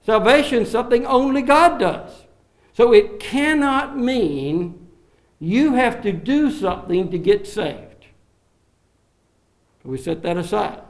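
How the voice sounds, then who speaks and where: A middle-aged man, a pastor, delivering an expository sermon in a lively, teaching manner with occasional fillers. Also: high-pitched, takes it slowly, pauses often.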